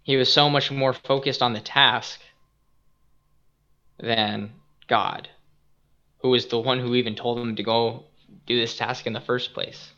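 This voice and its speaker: A young man hosting a casual podcast, retelling a Bible story in an animated, earnest and reflective way, on a dull lo-fi recording. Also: medium pitch, unhurried, pauses often. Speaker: podcast host and youth skate minister.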